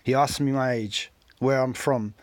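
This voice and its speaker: A man's voice: mid-range voice, fairly even intonation, a little slow, no echo. A man giving scornful, mocking commentary over a recorded street debate.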